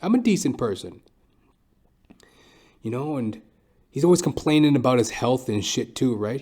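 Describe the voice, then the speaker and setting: A man's voice: mid-range voice, lively intonation, moderate pace, long pauses, a little mellow, breathy edge. A man hosting his own podcast, telling comic stories in a rambling, profane way. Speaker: podcast host. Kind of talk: comedic storytelling monologue.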